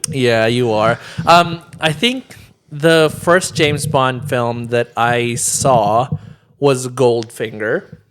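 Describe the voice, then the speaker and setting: A man's voice: medium pitch, fairly bright tone, slight background noise. A man co-hosting a podcast in loose, casual chat. He rambles, fills his sentences with ums and likes, and breaks into laughter often. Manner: rambling, heavy with fillers, quick to laugh. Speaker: podcast co-host.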